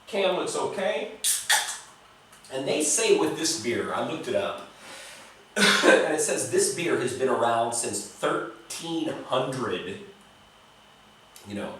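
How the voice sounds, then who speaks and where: A man's voice: mid-range voice, big pitch swings, slow pace, pauses often, a bit bright, far from the mic, a little hiss or hum. An American man reviewing beers in a casual vlog, blunt and profane, talking straight to the viewer, in a home recording. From United States. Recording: very echoey room, voice a bit off-mic.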